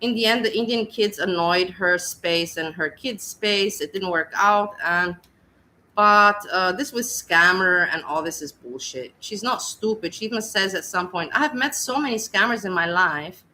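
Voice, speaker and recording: Scornful woman commentator, bright voice. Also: fairly low pitch, unhurried, a little hiss or hum, poor audio. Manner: scornful, blunt. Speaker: commentary host. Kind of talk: reaction commentary.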